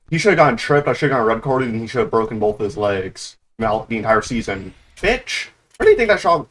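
A man giving live gameplay commentary, excitable and trash-talking, who swears a lot, rants about the game and breaks into sudden high yelps. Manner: grumbling, ranting complaints. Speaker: gaming YouTuber.

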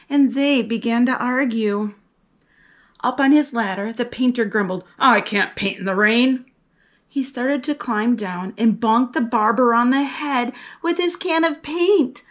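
Lively woman reading a children's story. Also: fairly high pitch. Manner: lively and expressive, teaching a hand sign and acting out the story's characters. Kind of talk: reading a picture book aloud to children.

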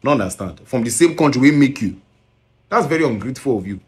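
A man's voice: medium pitch, expressive, fast talker. A man with a Nigerian accent scolding in a commentary video, mixing Pidgin and English and firing rhetorical questions.

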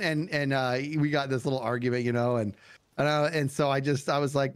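With a quick pace and a mid-range voice, this male gaming streamer tells a casual story. He animates it by acting out quotes and breaks into frequent laughter.

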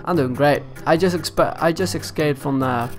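A man answering his own greeting in a low, offhand voice as a soldier in the game. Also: moderate pace, music in the background, natural voice.

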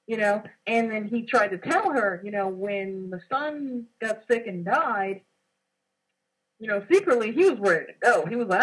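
A woman's voice: on the high side, normal speed, breathy edge, rough recording. A young woman recounting a dream in casual conversation, acting out the quoted lines as she tells it. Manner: animated storytelling with acted-out quotes. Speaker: co-host.

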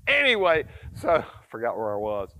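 A folksy man in his sixties teaches dog training in a loose, chatty vlog, repeating himself and snapping out firm commands to his dog. His delivery is lively and full of swings in pitch, and his voice sits in an ordinary middle register. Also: moderate pace. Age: 60s. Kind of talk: casual instructional vlog.

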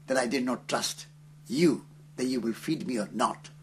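A man from India, telling a story in an interview in an earnest, unhurried way with hesitant fillers. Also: medium pitch, slight background noise.

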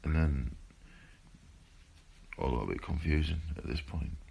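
A man's voice: a bass voice, animated, a little slow, gravelly, dark tone, a little hiss or hum. A man, a boxer, telling a rambling, sweary story in a laid-back, casual way. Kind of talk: casual storytelling to phone camera.

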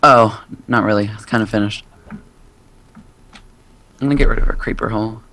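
A woman's voice: a bass voice, fairly even intonation, moderate pace, a bit bright, a little hiss or hum. A teenage girl chatting casually and giggling while playing a game. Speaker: gamer. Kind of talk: casual gaming chat.

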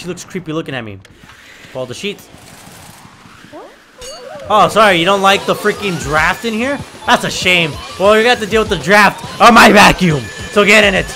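A young man giving excitable, trash-talking commentary while playing a video game. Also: high voice. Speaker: gaming video creator. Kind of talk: gameplay commentary.

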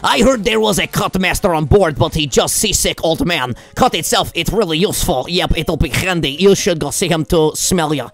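A man's voice: on the high side, drawn-out words, long pauses, mellow. A man voicing a cocky young male video game rival with a hammy mock French accent that slides into a Russian one, in broken English.

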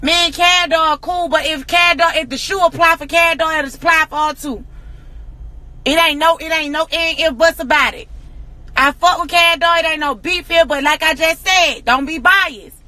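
A woman in an angry, profane rant to camera, hammering rhetorical questions and often shouting. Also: very high voice, moderate pace, dry recording. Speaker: social media personality.

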